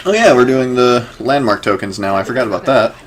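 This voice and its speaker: A man's voice: mid-range voice, lively intonation, brisk. A man from Wisconsin giving casual, joking commentary while playing a video game, swearing now and then. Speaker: gameplay host. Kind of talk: casual let's-play commentary.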